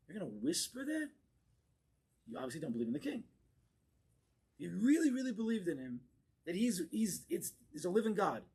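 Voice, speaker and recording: A man, a rabbi, giving an impassioned Torah class in a congregation hall, moving between quiet asides and forceful exclamations. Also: fairly high pitch, sing-song, a little fast, long pauses, breathy edge. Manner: fervent and emphatic, swings from hushed asides to forceful exclamations.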